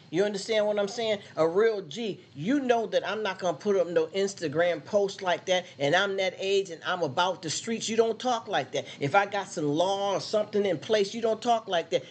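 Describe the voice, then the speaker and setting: A man's voice: high voice, slightly rough. A man hosting a casual live stream, talking bluntly in street slang and often repeating words as he chats with viewers. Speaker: livestream host.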